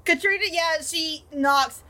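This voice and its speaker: A woman's voice: very high voice, a little slow, crowd noise. A woman playing a tabletop role-playing game, chatty and giggling often. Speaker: player. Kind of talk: casual tabletop game play.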